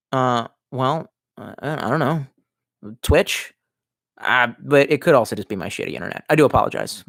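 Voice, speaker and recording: A man's voice: medium pitch, fairly bright tone, dry recording, clean studio sound. A man live-streaming in casual chat, reading out viewer comments and rambling with lots of swearing, fillers and restarts.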